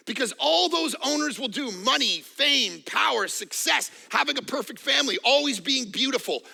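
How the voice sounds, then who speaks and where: Pastor, man, 40s: sharp, bright-edged voice, high-set, emphatic repeating sermon delivery with quips. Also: animated, moderate pace, gravelly, few pauses. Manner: emphatic, repetitive, joking asides.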